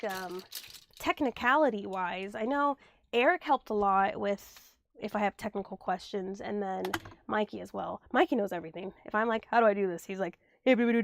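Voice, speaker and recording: A young woman recovering from illness, chatting casually on a livestream from a room at home, thanking viewers and muttering asides to herself as she tidies. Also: mid-range voice.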